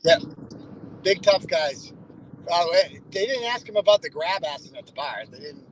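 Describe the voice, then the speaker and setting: A man's voice: sits high, sing-song, normal speed, a little hiss or hum, rough recording. A man from Massachusetts co-hosting a casual, profane commentary chat, sarcastic and exasperated, mocking people in put-on voices.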